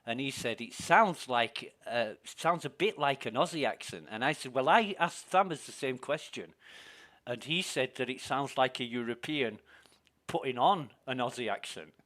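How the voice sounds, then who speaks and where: A man's voice: medium pitch, expressive, normal speed, a bit bright. Chatty man gaming with friends. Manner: chatty, friendly, laughs easily. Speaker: gaming streamer leading a group. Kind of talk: casual gaming chat over voice call.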